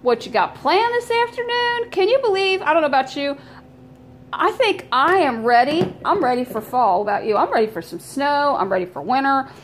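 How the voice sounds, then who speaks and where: A woman's voice: sits high, expressive, normal speed, a little hiss or hum. A woman hosting a podcast, chatting casually to her listeners with jokes and rhetorical questions. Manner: chatty, joking, rhetorical asides to the audience. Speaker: podcast host.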